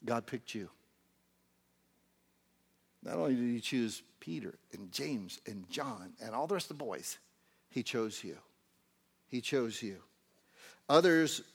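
Man, preacher, sermon, soft one moment and shouting the next, plays out his own inner dialogue. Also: mid-range voice. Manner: swings from hushed tender lines to loud exclaimed outbursts; acts out inner dialogue in quoted voices.

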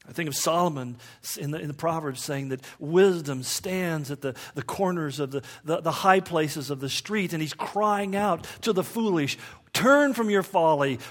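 Guy with a fairly high voice giving a sermon, chatty, tosses in jokes and questions. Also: moderate pace, hardly any pauses, fairly bright tone. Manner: conversational, with humorous asides and rhetorical questions. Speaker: preacher.

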